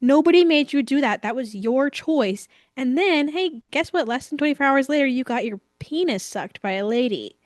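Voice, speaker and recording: A woman's voice: sits high, expressive, normal speed, hardly any pauses, dry recording, clean studio sound. A woman co-hosting a casual podcast chat, ranting bluntly and in exasperation, with swearing. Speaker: podcast co-host.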